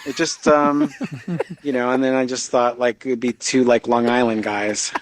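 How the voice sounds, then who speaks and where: A man's voice: medium pitch, animated, normal speed, creaky. A man recording a casual voice note, rambling through a memory with many ums, likes and restarts. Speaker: comedy writer and performer sending a voice note.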